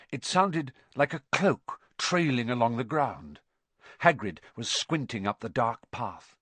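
A man narrating a children's fantasy novel as scripted storybook narration, with an expressive, dramatic reading. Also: mid-range voice, slightly rough, no room sound. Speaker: audiobook narrator.

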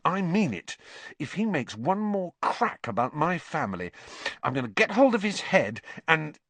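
A man's voice: fairly high pitch, big pitch swings, fairly bright tone, no echo, pitched above the performer's own voice, heavily acted. A man voicing a hot-tempered, loyal teenage boy who talks bluntly. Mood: angry. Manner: blunt, quick to anger.

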